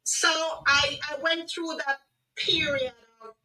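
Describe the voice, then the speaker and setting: A middle-aged woman with a Jamaican accent, earnestly telling her life story as a guest, with halting restarts. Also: high-pitched, steady tone, pushed and bright, far from the mic, rough recording. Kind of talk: personal testimony on a radio livestream.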